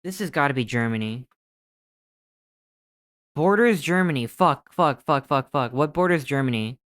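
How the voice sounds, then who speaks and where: A streamer giving excitable live gameplay commentary, thinking aloud while guessing and swearing often. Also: medium pitch, moderate pace, no echo, clean studio sound.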